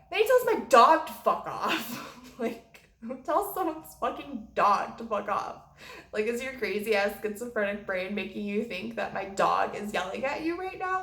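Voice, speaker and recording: A woman's voice: a little high, a bit bright. A young woman vlogger telling a dramatic storytime, swearing freely. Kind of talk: storytime vlog. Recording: echoey room.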